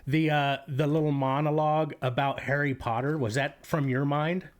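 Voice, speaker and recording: Hesitant, slightly high-voiced male host. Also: fairly even intonation, normal speed. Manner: hesitant, with many restarts and fillers. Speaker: podcast host. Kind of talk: casual interview.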